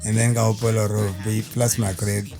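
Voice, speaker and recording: A South African man talks in a relaxed, meandering way, full of fillers. His voice sits low. Faint music plays under him in the radio studio. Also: moderate pace, gravelly. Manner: laid-back, rambling with many fillers. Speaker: rapper guest. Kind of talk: casual interview chat and rapping.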